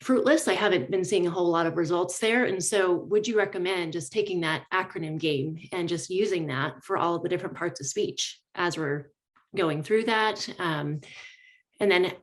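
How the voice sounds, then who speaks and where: A woman's voice: fairly low pitch, moderate pace. A woman who teaches middle school boys, asking a workshop question politely, with many hesitations. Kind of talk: audience question. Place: workshop room.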